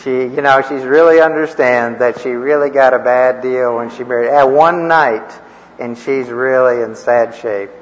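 A man's voice: medium pitch, steady tone, moderate pace. Folksy man teaching in an echoey hall. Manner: rambling, folksy, chuckling asides. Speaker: church class teacher. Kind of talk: informal teaching with stories. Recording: echoey, dull lo-fi room recording.

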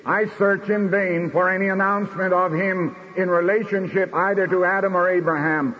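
A man preaching a sermon in a measured, declamatory way, slowing down for emphasis. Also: high voice, steady tone, slightly rough. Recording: dull recording in a reverberant hall.

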